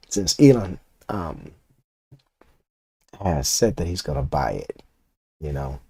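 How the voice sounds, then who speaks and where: Profane ranting older man, deep and mellow. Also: breathy edge, no room sound. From Puerto Rico. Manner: ranting, profane, talks to chat. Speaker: comic artist. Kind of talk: casual rant while inking art.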